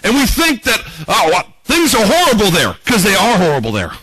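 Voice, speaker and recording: Bright high-voiced man preaching casually. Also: wildly swooping pitch, brisk, husky, dry recording, poor audio. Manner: conversational preaching, reads scripture aloud, rhetorical questions. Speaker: pastor. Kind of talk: sermon.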